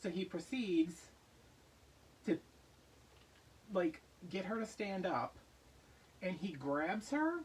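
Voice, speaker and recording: A man hosting a craft vlog, telling a story in a casual, animated way and acting out voices in his anecdotes. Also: a little high, recorded from a distance, slight background noise, low-quality recording. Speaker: craft channel host.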